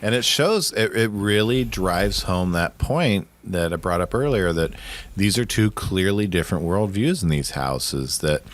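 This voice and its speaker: A man's voice: deep voice, lively intonation, measured pace. A man co-hosting a casual podcast, talking in an earnest, thoughtful way and restarting words as he builds his point. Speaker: podcast co-host. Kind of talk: casual rewatch podcast chat.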